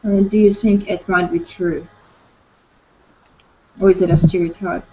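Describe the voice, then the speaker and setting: A woman's voice: lowish voice, fairly even intonation, a little slow, mellow. Woman, online teacher, prompting questions, muffled lo-fi call audio. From Ukraine. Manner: leads discussion with short prompts and questions. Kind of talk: online conversation class.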